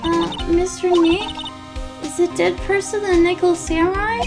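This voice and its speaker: A woman's voice: extremely high pitch, fairly even intonation, a little slow, pitched above the performer's own voice. A woman voicing a sweet, earnest, polite little girl. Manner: eager, polite. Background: game music.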